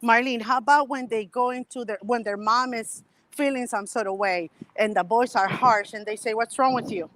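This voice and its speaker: A woman with a slightly high voice, a guest on a casual podcast. She tells her story with lively energy and acts out each person's lines as she goes. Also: normal speed, no room sound, poor audio. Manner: animated storyteller who acts out quoted dialogue.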